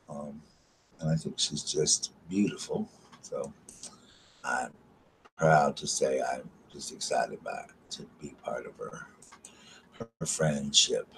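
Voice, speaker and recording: A man's voice: very deep voice, measured pace, vocal fry, pauses often, slight background noise, low-quality recording. A man chatting casually and gushingly to his live stream viewers, full of fillers. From Southern United States. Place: home at night by candlelight.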